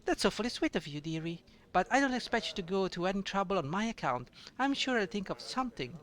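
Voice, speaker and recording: A man's voice: high voice, very animated, fast, fairly bright tone, pitched above the performer's own voice. A man voicing a sweet, fussy middle-aged woman who runs a tavern, reading game dialogue aloud. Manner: fussy, calls the listener dearie.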